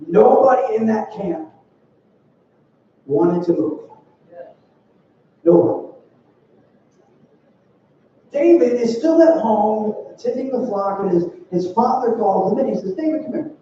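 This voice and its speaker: High-voiced young man preaching in a church. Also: slow, pauses often. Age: young adult. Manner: animated storytelling with playful acted quotes. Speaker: youth speaker. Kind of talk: sermon. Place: church sanctuary. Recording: dull, distant, roomy church sound.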